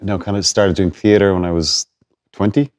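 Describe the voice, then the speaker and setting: An Irish actor in casual conversation, soft-spoken and halting, restarting phrases. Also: male voice, deep voice, steady tone. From Ireland.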